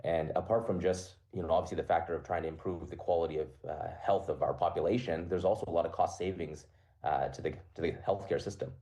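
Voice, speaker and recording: Man, doctor guest on a video call, deep voice, talks fast. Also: steady tone, dark tone. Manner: quick, earnest, with fillers and restarts. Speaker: physician guest. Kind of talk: remote radio interview.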